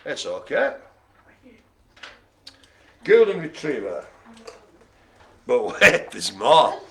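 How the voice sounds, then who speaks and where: A man's voice: on the high side, huge pitch swings, drawn-out words, fairly bright tone. A man calling bingo as host, joking and laughing through playful banter. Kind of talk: jokey live bingo calling.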